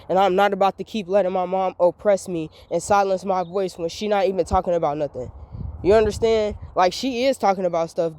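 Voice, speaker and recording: A woman's voice: medium pitch, dark tone. A woman, venting in a rambling, repetitive, emphatic monologue recorded as a voice memo. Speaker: vlogger.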